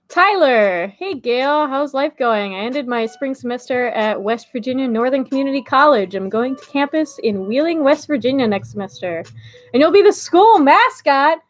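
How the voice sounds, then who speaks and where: A woman's voice: high voice, lively intonation, normal speed. A woman streamer chatting casually with her live chat, bubbly and laughing often.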